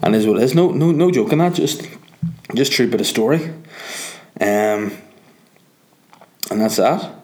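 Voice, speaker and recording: A man's voice: medium pitch, expressive, measured pace, pauses often, darkish tone. A man with a Northern Irish accent, a comedian hosting his podcast, rambling and joking in a sleepy late-night monologue. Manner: rambling, joking, swearing freely. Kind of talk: casual monologue.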